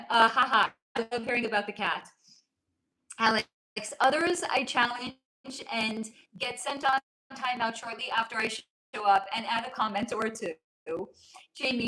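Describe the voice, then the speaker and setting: A woman with a fairly high-pitched, sharp-toned voice hosts a casual livestream from home, where her child is nearby. She's a spiritual reader who answers viewer comments playfully, teasing and laughing often. The rough recording has a roomy sound and slight background noise.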